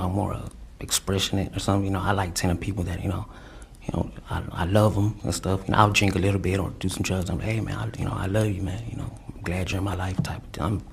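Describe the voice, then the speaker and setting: A man testifying in court, telling his story in a rambling, halting way full of fillers and restarts. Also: low-pitched, fairly even intonation, vocal fry, a little hiss or hum. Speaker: defendant testifying.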